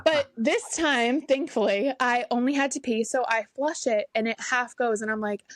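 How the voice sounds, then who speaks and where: A woman's voice: on the high side, moderate pace, dry recording. A woman co-hosting a podcast, in casual chat, giggly and blunt as she tells stories. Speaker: podcast co-host.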